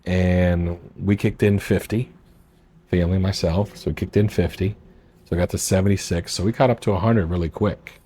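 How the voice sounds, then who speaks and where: A man's voice: low voice, steady tone, normal speed, mellow, husky. A man telling the story of his political campaign in a casual, rambling way, acting out what people said to him. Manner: rambling, acts out quoted dialogue. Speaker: political candidate and marina owner. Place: at a marina boat club.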